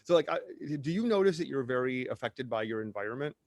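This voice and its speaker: A middle-aged man chatting as a podcast guest, rambling and animated, drifting off on tangents and finding his way back. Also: mid-range voice, quick pace, slight background noise. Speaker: podcast guest, drag performer. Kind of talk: casual podcast conversation.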